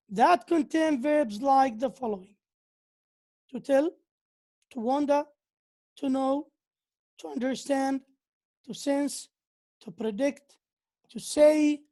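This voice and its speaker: Woman lecturer, high voice, unhurried delivery, repeats key phrases, explains grammar. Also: warm tone. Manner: slow, repeats key phrases, occasional hesitations. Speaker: English lecturer.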